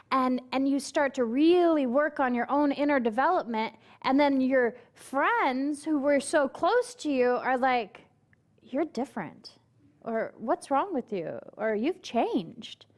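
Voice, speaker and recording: A woman minister whose voice sits high preaches at normal speed. Through her sermon she tells a story, acts out quoted speech, and questions the congregation directly.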